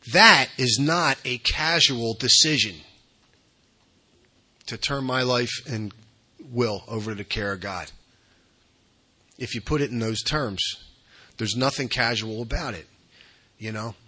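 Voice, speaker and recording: A man giving a candid personal talk at a recovery workshop, blunt and conversational, dropping to soft asides and then pushing out emphatic bursts. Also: mid-range voice, takes it slowly, long pauses, breathy edge.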